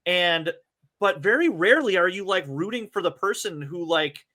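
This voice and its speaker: A man's voice: high voice, animated, normal speed, bright, forceful tone. A man on a podcast talking about a show scene in emphatic casual chat, swearing freely. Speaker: podcast co-host.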